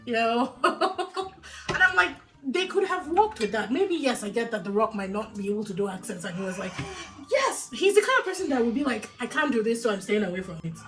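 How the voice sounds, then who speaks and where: A woman co-hosting a casual film review chat, animated and opinionated, often laughing. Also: fairly high pitch, brisk, faint music behind. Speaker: podcast co-host.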